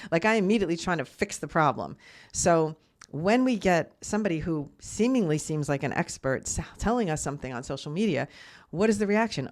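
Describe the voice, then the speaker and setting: A woman's voice: deep voice, animated, fast. A middle-aged woman hosting a casual solo podcast, telling a rambling story and often restarting and correcting herself. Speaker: podcast host.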